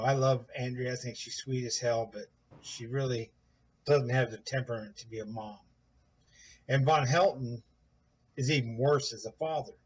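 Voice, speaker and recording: A man casually telling a rambling story, animated, quoting others in a raised voice, with a husky voice. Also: medium pitch, lo-fi sound. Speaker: guest recounting events.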